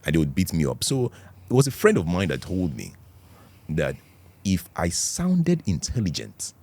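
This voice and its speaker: A young Nigerian man with a Nigerian accent, a podcast guest telling stories in a playful, animated way and laughing often. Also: rumbling low, a little fast. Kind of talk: casual storytelling chat.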